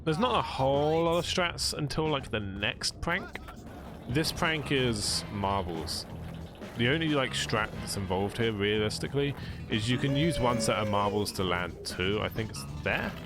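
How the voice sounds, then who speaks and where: This young man with a British accent has a mid-range voice, lively intonation and an unhurried pace. Against a backdrop of game music, he casually streams a speedrun, cracking jokes in a relaxed way and walking through the tricks as he plays.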